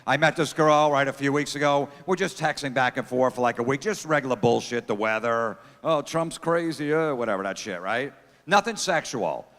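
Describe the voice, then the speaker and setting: A man doing a crude, deadpan stand-up comedy set, riffing with the crowd from a theater stage. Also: medium pitch, a little fast. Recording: long theater reverb.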